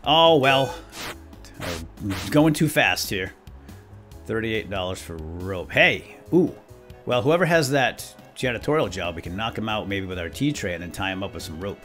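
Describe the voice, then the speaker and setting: A man's voice: lowish voice, lively intonation, moderate pace, fairly bright tone, faint music behind. A man chatting his way through a video game as a let's play host, talking to himself and chuckling often. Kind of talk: gameplay commentary.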